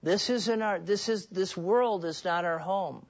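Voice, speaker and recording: A man's voice: sits high, a little slow, highs cut off. A man preaching a sermon in an earnest, personal way, often restarting and repeating words.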